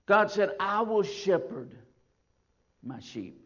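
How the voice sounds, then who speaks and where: Pastor, male, emphatic sermon delivery with drawn-out stresses; slightly high voice on a muffled recording. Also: big pitch swings, a bit bright. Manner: emphatic, repetitive preaching with slow stresses. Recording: dull lo-fi sound.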